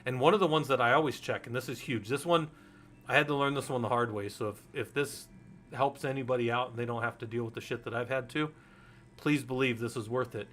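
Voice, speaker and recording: A man in his forties teaches a Linux security course in a candid, loose style, swearing freely and wandering into anecdotes during this casual technical lecture. His mid-range voice is fairly quick and bright, with slight background noise.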